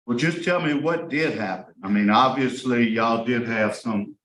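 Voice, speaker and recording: A man's voice: medium pitch, moderate pace, fairly bright tone. Plain-spoken man questioning in a roomy hall. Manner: plain-spoken, probing, many fillers. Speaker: parole board member. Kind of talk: interviewing at a hearing. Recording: roomy hearing room with faint noise.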